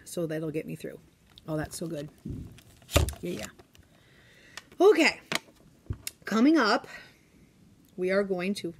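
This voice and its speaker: A woman in her forties, a teacher, chatting casually in a classroom vlog and often dropping to a hushed whisper. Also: on the low side, very animated, slow pace, long pauses, noisy background.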